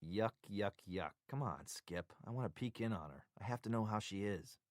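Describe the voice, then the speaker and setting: A man voicing a stubborn injured male agent who talks gruff and impatient. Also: on the low side, animated, normal speed, no echo, studio quality, lightly acted.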